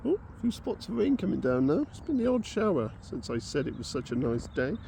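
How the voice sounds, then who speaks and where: A man's voice: on the high side, big pitch swings, brisk, warm tone. A man vlogging outdoors at a lake, rambling casually between jokes and fishing talk. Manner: rambling, joke-telling, chatty. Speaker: angling vlogger. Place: lakeside, outdoors. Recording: outdoor recording with clear background noise.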